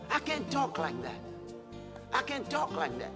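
High, husky preacher man in a hall. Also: huge pitch swings, unhurried, long pauses. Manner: emphatic, repeats his points. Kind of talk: sermon. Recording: hall reverb with faint music.

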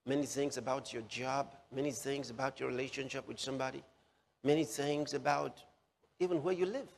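A man preaching a sermon, slowly repeating key phrases for emphasis. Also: medium pitch, steady tone, gravelly. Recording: long hall reverb.

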